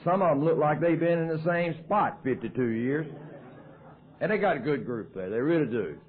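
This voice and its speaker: A man's voice: a little high, lively intonation, moderate pace. Folksy Southern man, tinny old tape. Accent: Southern American. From American South. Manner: folksy, joking storyteller. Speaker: AA speaker. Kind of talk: recovery talk at a meeting.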